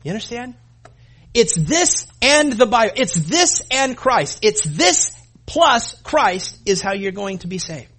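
This pastor's voice is high-pitched and a bit bright, very animated but slow in pace. His sermon grows in intensity as he speaks emphatically to the congregation, calling them "gang" and performing different voices.

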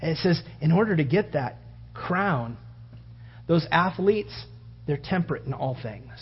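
A man preaching a sermon, acting out the story with loud outbursts and hushed whispers. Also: a little high, lively intonation, a little slow, husky. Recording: dull lo-fi sound.

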